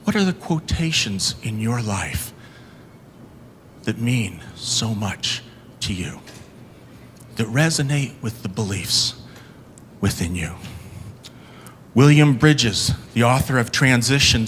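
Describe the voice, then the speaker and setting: A man giving a motivational keynote, telling stories dramatically, swinging from loud to hushed. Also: medium pitch, lively intonation, unhurried, pauses often, slight background noise. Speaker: motivational speaker.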